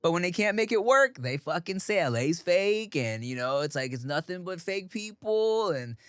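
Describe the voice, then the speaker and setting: Man co-host, casual and profane, slightly higher voice, tight dry mic. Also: sing-song, moderate pace, fairly bright tone, clean tone, dry recording. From Los Angeles. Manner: loose and profane, rising when worked up. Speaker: podcast co-host. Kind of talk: casual chat.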